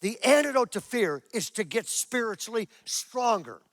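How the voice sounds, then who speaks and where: A man's voice: sits high, big pitch swings, moderate pace, fairly bright tone, no echo, clean studio sound. A man in his sixties, a pastor preaching a sermon to a church congregation, telling a story with animation and acting out his own prayers. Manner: asks the congregation questions.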